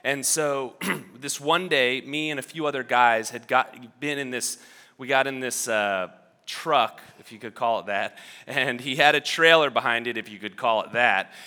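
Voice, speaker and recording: A man delivers a sermon as pastor, and his storytelling is loose and chatty, full of restarts and little asides. His voice is bright and forward. It rings out with the long reverb of a large hall. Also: mid-range voice, moderate pace, smooth.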